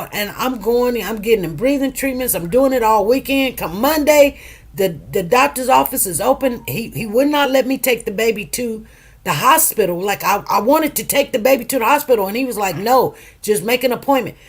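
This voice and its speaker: A middle-aged woman with a high voice hosts a casual talk show, telling stories at normal speed. She's emphatic and animated, acting out the people she quotes.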